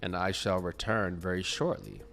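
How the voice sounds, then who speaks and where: Sleepy, low-voiced man chatting about tennis. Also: fairly even intonation, moderate pace, gravelly, fairly bright tone, faint music behind. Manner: rambling, self-correcting, chatty. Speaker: tennis video creator. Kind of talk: casual tennis talk to camera.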